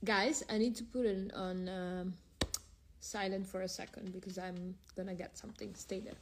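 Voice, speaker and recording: A woman with a mid-range voice speaks at a normal speed in a steady tone, with background noise behind her. She's hosting a casual livestream from her phone, reading viewer questions aloud and answering them frankly while drifting between several languages mid-stream.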